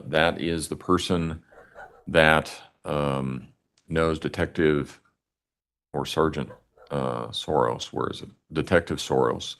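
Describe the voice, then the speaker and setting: A man presiding as judge in court, speaking in a measured, halting way with fillers. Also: a bass voice, fairly bright tone. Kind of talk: courtroom proceedings.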